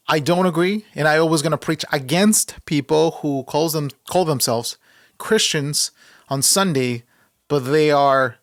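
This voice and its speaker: A man's voice: mid-range voice, fairly bright tone, no room sound, clean studio sound. A man, earnestly commenting in a preachy way from his home, often restarting his sentences. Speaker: podcast host. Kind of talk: sermon-like commentary.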